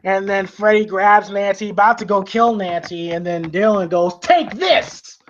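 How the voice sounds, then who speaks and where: A man's voice: high voice, level tone, normal speed. A man hosting a casual movie review chat, rambling through scenes with lots of fillers and laughs, on a dull lo-fi recording with faint hiss. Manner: rambling with many fillers and restarts, laughs often. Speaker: podcast host.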